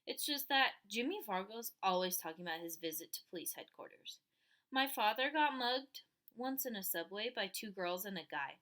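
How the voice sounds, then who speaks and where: Animated woman reading a children's book. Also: mid-range voice, moderate pace. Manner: animated storytelling with voiced characters. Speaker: audiobook reader. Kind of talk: reading a children's novel aloud.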